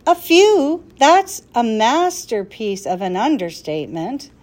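Woman voicing a fretful old professor, storybook reading, high pitched, swooping delivery, anxious, exasperated. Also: big pitch swings, slow pace, a little mellow.

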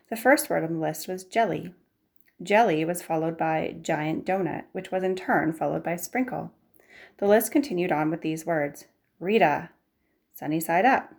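A woman narrating a novel aloud in a measured storytelling manner. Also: fairly low pitch, vocal fry, a little mellow. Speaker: audiobook narrator. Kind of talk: scripted narration.

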